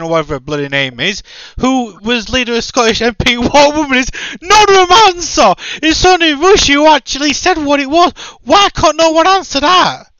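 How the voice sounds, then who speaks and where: High, lively man ranting. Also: no echo, lo-fi sound. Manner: ranting, exasperated, repeats questions. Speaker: podcast host. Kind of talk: casual opinion chat.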